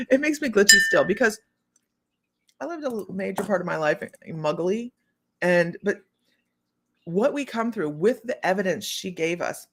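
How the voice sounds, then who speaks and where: A middle-aged woman hosting a psychic livestream, telling a long story in a rambling, casual way with many restarts and quick hellos to viewers. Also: mid-range voice, expressive, fairly bright tone, a little hiss or hum. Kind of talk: casual chat.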